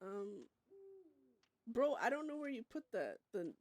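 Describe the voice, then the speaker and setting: A woman streaming a live game roleplay, excitable and quick to laugh and shriek. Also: a little high, dry recording, rough recording. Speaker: streamer playing a roleplay character. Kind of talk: live gaming roleplay chat.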